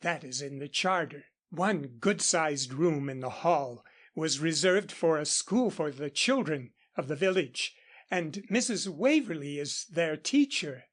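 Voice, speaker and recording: Man reading an audiobook, slightly higher voice. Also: animated, measured pace, a bit bright. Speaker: audiobook reader. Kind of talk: scripted narration.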